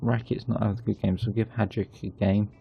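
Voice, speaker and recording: A man hosting his gaming channel, chatting casually through a football management game and getting excited at goals. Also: lowish voice, fast, vocal fry, breathy edge, highs cut off.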